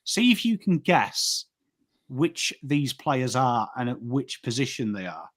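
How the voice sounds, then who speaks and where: An English man co-hosting a casual football chat, animated and rambling, often restarting his sentences. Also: mid-range voice, measured pace. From England. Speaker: co-host.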